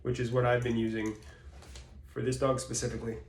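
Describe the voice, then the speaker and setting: Male dog trainer, mid-pitched voice, plain explanatory delivery, recorded with noticeable room echo. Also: little pitch movement, fairly quick, a little hiss or hum. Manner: plain explanatory, acts out baby-talk praise in bursts. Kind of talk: instructional talk. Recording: roomy echo.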